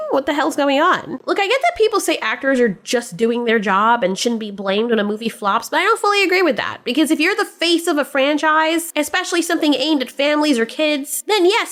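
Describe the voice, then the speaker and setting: A woman's voice: high-pitched, fairly bright tone. A woman hosting an opinion commentary vlog, talking in a blunt, sarcastic way and swearing freely. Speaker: commentary channel host.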